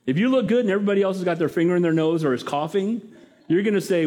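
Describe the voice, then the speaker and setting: Pastor, male, fairly high voice; preaches with energy and keeps asking the congregation questions. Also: racing. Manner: lively, talks to the congregation with questions. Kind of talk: sermon.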